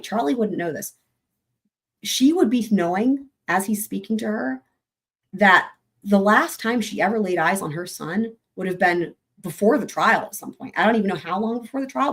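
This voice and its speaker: A woman's voice: mid-range voice, husky. A woman hosting a true-crime livestream, her voice still recovering from losing it, talking bluntly and emphatically and swearing freely. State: voice still recovering after a week without it. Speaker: host.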